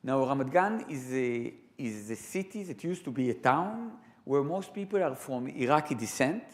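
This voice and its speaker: A man with an Israeli accent telling stories live to an audience in a large sanctuary, animated and full of laughing asides. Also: mid-range voice, normal speed. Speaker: storyteller guest. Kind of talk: live storytelling talk.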